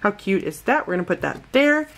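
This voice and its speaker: A woman's voice: mid-range voice, big pitch swings, brisk, creaky, fairly bright tone, a little hiss or hum. A woman vlogger from the United States chatting casually through a toy unboxing, gushing and calling her viewers guys.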